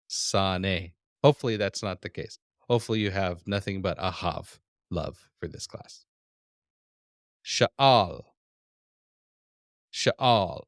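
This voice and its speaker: Man, teacher; low, unhurried voice, patient repetition of words, dry close recording. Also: fairly bright tone, no room sound. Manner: patient, repeats words slowly. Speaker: Hebrew teacher. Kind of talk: classroom lesson.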